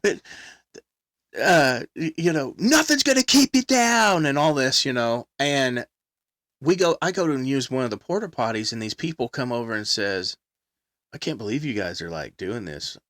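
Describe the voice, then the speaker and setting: A man telling a long story in casual chat, loud and animated, belting out quoted songs. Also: medium pitch, normal speed, no room sound, clean studio sound.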